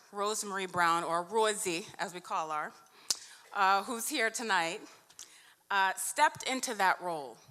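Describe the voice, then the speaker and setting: A woman's voice: mid-range voice, pushed and bright, clean tone. A woman from New York giving an emphatic, heartfelt award acceptance speech in a large event hall. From New York, USA. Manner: emphatic and heartfelt, stretching key words. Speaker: award honoree and union vice president. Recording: echoey hall.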